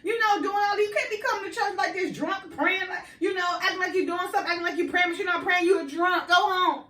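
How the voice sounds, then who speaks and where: A stern old male priest tells off a woman, incredulous and scolding, put on by a woman retelling the story. The voice rides high and carries the echo of a bare room, heard from a little way off the mic. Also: fast, sharp tone, far from the mic. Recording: echoey room, voice set back from the mic.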